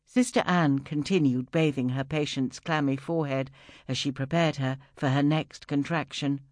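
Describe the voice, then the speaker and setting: An audiobook narrator reading a story in a steady, even storytelling manner. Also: mid-range voice, moderate pace, dry recording, studio quality.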